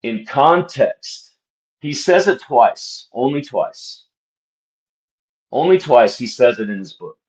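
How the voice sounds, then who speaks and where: A man's voice: medium pitch, sing-song, takes it slowly, long pauses, a little mellow, rough recording. A man commenting casually to camera, hammering points with repeated rhetorical questions and a mock-preacher tone toward his viewers. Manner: emphatic, repetitive, rhetorical questions, frequent "right?". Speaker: channel host discussing a book.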